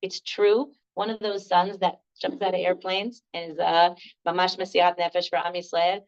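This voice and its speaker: An older woman leading a laughter workshop, telling lively stories, laughing often and acting out the voices of the people in them. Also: fairly low pitch, normal speed, lo-fi sound. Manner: animated, laughs often, acts out quoted voices. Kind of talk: storytelling workshop talk.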